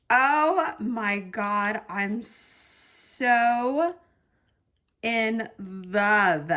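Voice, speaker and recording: A woman crochet vlogger chatting through an excited unboxing, gushing and repeating her words for emphasis. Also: a little high.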